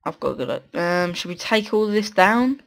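A man hosting a gaming video on a headset, chatting casually to himself while he builds, swearing often and breaking into excited bursts. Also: high-pitched, moderate pace, vocal fry. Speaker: gaming channel host. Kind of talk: casual gameplay commentary.

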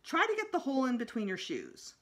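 A woman's voice: sits high, huge pitch swings, brisk, pitched above the performer's own voice. A woman voicing a fussy mother who frets over small things yet stays firm, in a storybook reading. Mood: fretting.

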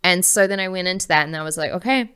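A woman guest on a podcast, telling a personal story in a lively way, laughing often and acting out the voices she quotes. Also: on the low side, racing, smooth.

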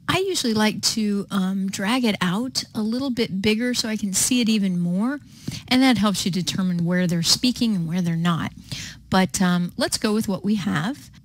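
A woman teaching video editing in a patient, step-by-step way, with frequent pauses and ums. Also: mid-range voice. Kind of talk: screen-recorded software tutorial.

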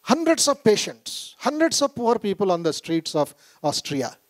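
High-voiced Indian man, emphatic storyteller. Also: sing-song, moderate pace. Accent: Indian English. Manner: storytelling, repetitive and emphatic, acts out quoted voices. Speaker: monk giving a talk. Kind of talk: public speech to a corporate gathering. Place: conference hall.

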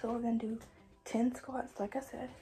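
A young adult woman, working out at home for her fitness vlog, talks chattily to viewers she calls "you guys," using lots of fillers and sounding slightly out of breath. Her mellow voice sits on the high side, with flat delivery at a moderate pace. Faint music runs behind the poor audio.

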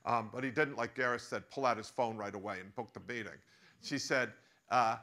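Bright-voiced American man telling a story. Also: medium pitch, moderate pace. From United States. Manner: animated, joking storyteller. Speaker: professor giving a masterclass. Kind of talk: storytelling lecture.

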